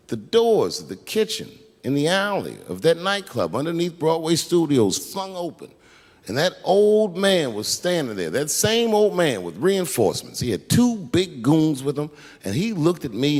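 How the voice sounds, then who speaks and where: A man telling a profane, animated story in stand-up, acting out scenes. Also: fairly high pitch. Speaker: stand-up comedian. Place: comedy stage. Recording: echoey live venue.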